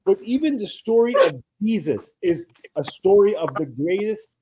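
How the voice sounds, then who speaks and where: A high-voiced man in his thirties speaks at a normal speed over a very noisy recording. Hosting a casual live co-stream, he tells long, rambling stories and animatedly acts out the people he quotes.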